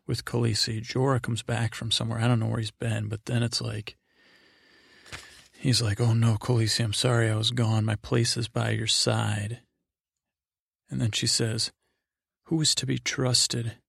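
A man's voice: mid-range voice, gravelly, a bit bright, husky, dry recording, clean studio sound. A middle-aged man meandering through a rambling sleep-aid recap as a podcast host, full of fillers and asides.

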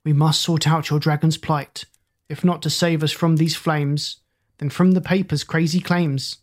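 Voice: medium pitch, little pitch movement, a little slow, natural voice. A reader doing a flustered gasping vet. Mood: urgent. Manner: gasping, urgent. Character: flustered vet with singed hair.

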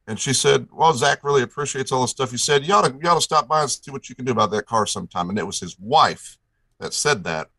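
A man's voice: fairly low pitch, fairly quick, sharp tone, dry recording, rough recording. A man from Indiana telling a long story in a folksy, rambling way, acting out the dialogue as he goes. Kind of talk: casual storytelling.

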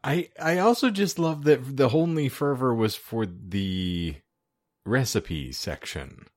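A man's voice: mid-range voice, lively intonation, slow, darkish tone, no room sound. A man co-hosting a casual podcast, who teases his partner with dry jokes. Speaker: podcast co-host.

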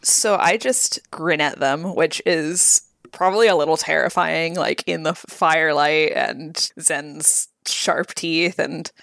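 A woman player in a casual tabletop game, describing her moves in a relaxed, easygoing way. Her voice is very low, and the recording is close and dry. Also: slow, vocal fry, no echo.

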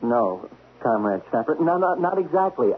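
A man's voice: on the high side, big pitch swings, moderate pace, slightly rough. An actor playing a nervous, stammering male undercover agent in a 1970s radio drama. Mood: flustered. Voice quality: stammering, flustered. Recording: lo-fi narrow-band radio recording.

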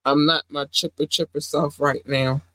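A woman's voice: low-pitched, little pitch movement, moderate pace, a bit bright, no room sound. Sick woman podcast host, dry sound. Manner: emphatic, repeats phrases for effect. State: sick with sore throat and runny nose. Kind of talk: casual podcast chat.

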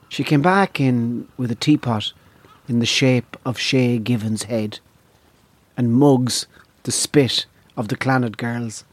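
A man from Donegal with an Irish accent, telling a comic story in a wry, deadpan way. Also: mid-range voice, takes it slowly, no echo. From Donegal, Ireland. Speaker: comedian.

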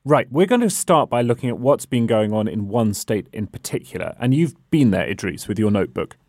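A man hosting a news podcast, introducing the topic and his guests in a brisk, lightly wry way. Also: lowish voice, animated, darkish tone, dry recording, clean studio sound. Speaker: podcast host.

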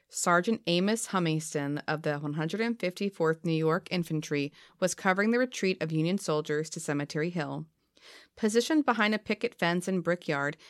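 A woman co-hosting a podcast late in the evening, half asleep but chatty. Her voice sits a little low and sounds dry and close to the mic. She moves from casual talk into reading out a history story. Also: dry recording. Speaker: podcast co-host. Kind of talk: casual chat and read-out history.

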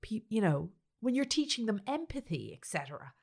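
Woman, podcast co-host, casual chat, wry, lively intonation. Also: mid-range voice, a little fast, creaky, breathy edge.

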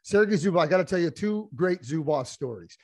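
A man's voice: a little high, lively intonation, a little fast, no room sound, clean studio sound. A middle-aged man co-hosting a casual hockey podcast, rambling with many restarts as he tells anecdotes. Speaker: podcast co-host.

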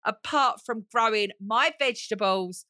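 A woman's voice: a little high, measured pace, bright, forceful tone, dry recording, clean studio sound. A woman, hosting a chatty solo podcast in a gushing, theatrical way and calling listeners honey. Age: 40s. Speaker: podcast host.

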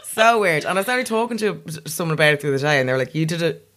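A woman's voice: low-pitched, animated, very fast, fairly bright tone, a little hiss or hum. A young woman comedian with a posh South Dublin accent, chatting casually and mocking herself. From Ireland. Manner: chatty, self-mocking, laughs often. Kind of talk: casual podcast chat.

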